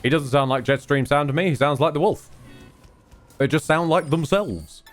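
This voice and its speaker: A man's voice: a little high, moderate pace, faint music behind. A British man streaming a fighting game, chatting in a rambling, self-deprecating and sweary way. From Britain. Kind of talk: casual gaming commentary.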